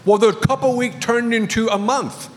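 A man's voice: very high-pitched, fairly even intonation, moderate pace. A male pastor preaching a sermon, telling a story with light humor. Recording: long reverb of a large hall.

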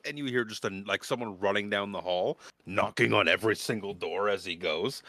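A man narrating as game master of a tabletop game, chatty and animated. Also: deep voice, fairly quick, few pauses, dry recording, clean studio sound.

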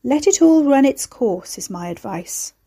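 A woman's voice: high-pitched, expressive, a little slow, dark tone, slightly rough, voice pushed up, exaggerated voice. Sinister caller, cool, disapproving, woman narrator putting it on.

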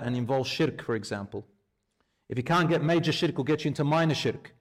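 A man preaching a sermon, telling a story and acting out its dialogue in lively, conversational speech. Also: mid-range voice, a little fast.

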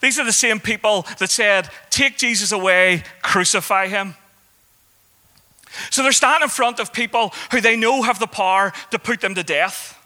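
A man's voice: high voice, a little fast, hardly any pauses, pushed and bright. A man preaching a sermon in a conversational way, rising into emphatic calls to his listeners.

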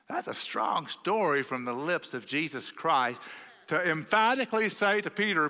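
Texan male pastor, bright higher voice, animated sermon, live church hall reverb. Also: moderate pace. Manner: animated storytelling, acting out the quoted voices. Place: church sanctuary.

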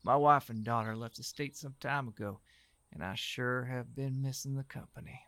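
A man's voice: medium pitch, normal speed, a bit bright, no room sound, pitched above the performer's own voice, lightly acted. A man voicing a creepy, predatory middle-aged gardener with an oily, leering manner in a horror audio story. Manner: oily, leering, drops to sneering whispers.

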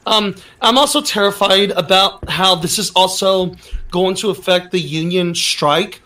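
A man co-hosting a casual podcast chat, earnest and worried, talking in halting bursts. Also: high voice, pushed and bright. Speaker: podcast co-host.

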